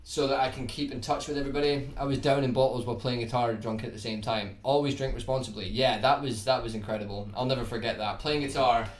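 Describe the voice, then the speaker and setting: A young Scottish man with a toned-down accent, chatting casually to viewers on his guitar livestream in a relaxed, rambling way, often restarting his words. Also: medium pitch, fast, hardly any pauses, far from the mic. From Scotland. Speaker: guitar YouTuber hosting a livestream. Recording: roomy sound from off the mic, faint background hiss.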